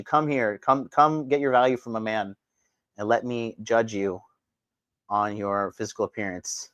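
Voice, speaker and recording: A man hosting a live stream, ranting crudely and mockingly, his voice swinging from loud outbursts to low mutters. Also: fairly even intonation, measured pace, clean tone, no echo, muffled recording. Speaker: livestream host. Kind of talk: crude provocative livestream rant.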